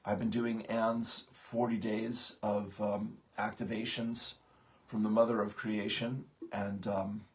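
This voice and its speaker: A man hosting a morning spiritual talk, speaking haltingly with many pauses and fillers, just out of bed. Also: lowish voice, little pitch movement. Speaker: host of a morning spiritual program.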